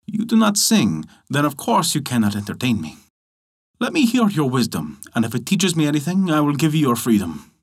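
A man's voice: fairly high pitch, huge pitch swings, a little fast, husky, pitched above the performer's own voice, full character voice. A man playing a proud, grasping rich man in a folk tale, speaking in a coaxing, indignant way. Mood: calm.

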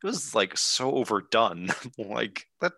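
A man's voice: fairly low pitch, very animated, a little slow, creaky, pushed and bright, no echo. A man in a casual chat who hesitates and searches for his words.

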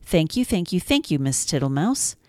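A woman's voice: sits low, very animated, normal speed, darkish tone, no room sound, clean studio sound. A woman voicing a sloppy, cheerful male toad in a children's storybook reading, in a sing-song manner. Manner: sing-song, with a repeated jolly refrain.

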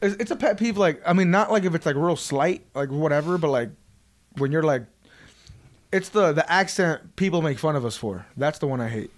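Podcast guy with a super lively up and down voice, swears a lot, laughs a bunch. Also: on the high side, brisk. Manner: animated, laughing, profane. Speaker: podcast host. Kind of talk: casual chat.

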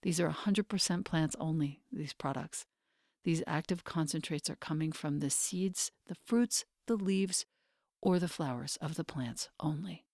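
A woman hosting a podcast, speaking in a soft, unhurried way through her ad read and her introduction. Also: low voice, dry recording, clean studio sound. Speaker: podcast host.

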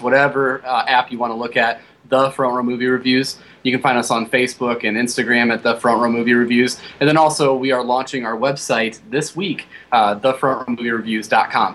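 A man's voice: mid-range voice, a bit bright. Chill guy plugging his show on a podcast, a little background hiss. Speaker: podcast guest. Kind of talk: casual podcast chat.

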